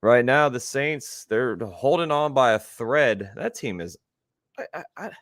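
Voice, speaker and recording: A man's voice: mid-range voice, animated, a little slow, a bit bright, no echo, clean studio sound. A man co-hosting a casual football talk show, laid-back and chuckling, greeting chat viewers as he talks. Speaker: sports show co-host.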